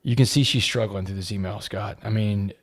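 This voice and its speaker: A middle-aged man on a podcast tells an emotional story earnestly and haltingly, often repeating words when he's moved. His pitch is fairly low, and his intonation stays fairly even.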